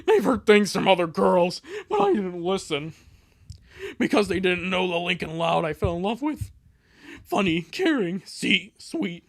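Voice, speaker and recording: A woman's voice: lowish voice, very animated, unhurried. A woman reading a hurt, earnest teenage girlfriend in a live fan dub. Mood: pleading. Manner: emotional, pleading.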